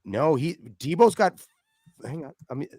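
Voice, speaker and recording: A man co-hosting a live betting watch party in casual, animated chat. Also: on the high side, moderate pace, no echo, studio quality.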